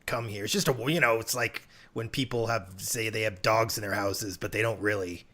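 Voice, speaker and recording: A man playing a tabletop game in a relaxed, offhand way, reassuring the others. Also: lowish voice, a little fast. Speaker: player. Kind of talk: casual tabletop play.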